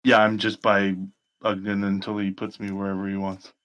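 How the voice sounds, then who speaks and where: A man's voice: lowish voice, monotone, moderate pace, fairly bright tone. A man playing a tabletop game, giving terse, dry replies. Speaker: player.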